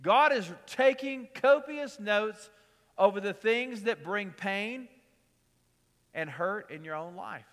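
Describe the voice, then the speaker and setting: A middle-aged man preaching a sermon in a conversational way, repeating key lines and telling quick personal stories. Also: high voice, a bit bright, long reverb tail. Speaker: pastor.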